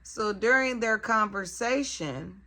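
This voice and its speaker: A woman lifestyle vlogger chatting in a gushing, excitable way, laughing often as she talks to her viewers. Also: medium pitch, slow. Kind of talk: casual unboxing vlog.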